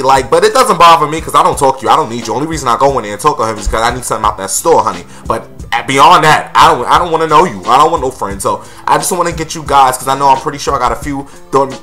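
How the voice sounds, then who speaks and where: A man's voice: medium pitch, sharp tone. A man hosting a casual gossip vlog, sassy and blunt, calling his viewers honey and girl.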